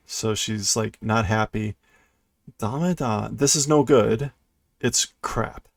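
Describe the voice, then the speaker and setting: Male streamer, unhurried gravelly delivery, dry close sound, thinking aloud with self-corrections. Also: lowish voice, no room sound. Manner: laughs lightly at himself. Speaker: streamer reading a manga aloud. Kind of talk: live-stream read-through, translating as he goes. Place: indoors at his computer.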